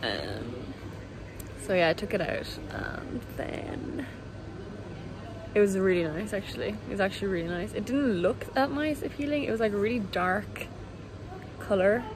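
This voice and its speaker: A woman's voice: medium pitch, lively intonation, moderate pace, background noise. A young woman chatting casually to her phone camera while travelling, rambling and laughing at herself, worn out from a long journey. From Ireland. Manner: chatty, rambling, self-mocking. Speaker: vlogger. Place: airport room and plane cabin.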